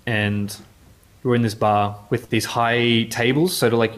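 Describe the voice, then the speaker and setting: A man's voice: medium pitch, steady tone, measured pace. A man, a journalist telling casual anecdotes in an interview, rambling with many restarts. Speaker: motorsport journalist.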